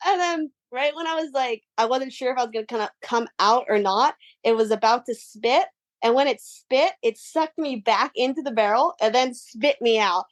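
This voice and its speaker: High-voiced, bubbly young woman from Hawaii. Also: normal speed. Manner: animated, bubbly, heavy use of "like". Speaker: guest, pro surfer. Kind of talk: casual storytelling.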